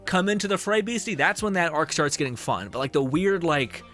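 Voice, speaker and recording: A young man streaming a game chats loosely with his viewers in a slightly high voice. He rambles, swears freely and laughs between phrases, with faint game music under him. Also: expressive, fairly quick, a bit bright. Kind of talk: casual chat with viewers while gaming.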